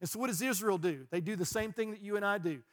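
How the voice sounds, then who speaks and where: A man, preaching a sermon as pastor, earnest and rising into fast, passionate bursts. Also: high voice.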